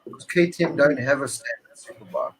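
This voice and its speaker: A man's voice: mid-range voice, brisk, over a noisy crowd, poor audio. A man from South Africa, a magazine editor interviewing over a video call, joking and teasing his guest.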